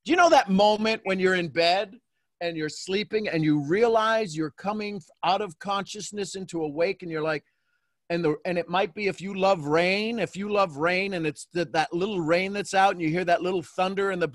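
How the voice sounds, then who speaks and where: A man hosting a coaching call, talking in a playful, animated way and acting out little quotes. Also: high-pitched, normal speed, dry recording, studio quality. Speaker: host and mentor.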